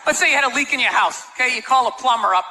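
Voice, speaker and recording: High voiced comedian guy ranting on stage, yelling punchlines, noisy club with the crowd cracking up. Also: racing. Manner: ranting, sarcastic, shouting punchlines. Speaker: stand-up comedian. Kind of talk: stand-up comedy routine. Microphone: handheld stage mic. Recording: live stage with loud crowd laughter and noise. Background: audience laughing.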